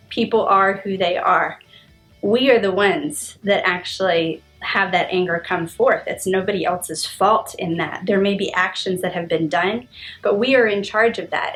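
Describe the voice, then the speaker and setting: This is a woman in her thirties, speaking in an earnest, reflective monologue. She has a mid-range voice and animated emphasis, with small restarts as she thinks aloud. Faint music plays behind her. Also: mid-range voice. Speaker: vlogger.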